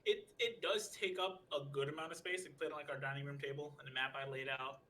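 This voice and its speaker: Man, podcast co-host, bright voice, casual and sweary, acts out quotes, faint background hiss. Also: on the high side, fairly even intonation, fast talker, poor audio. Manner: laid-back, swears a lot, acts out quotes and laughs often.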